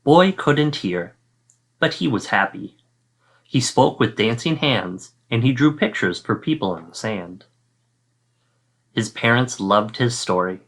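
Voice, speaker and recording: A man, a fourth-grade teacher, reads a children's picture book aloud. His storytelling is slow and deliberate. His pitch rises and falls lively through each line. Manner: expressive storytelling, acting out sound effects.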